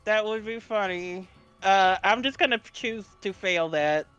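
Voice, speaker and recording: A man's voice: high-pitched, unhurried, a bit bright, smooth, highs cut off, faint music behind. A man playing a tabletop game, hesitant and stammering. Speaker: player. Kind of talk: casual game play.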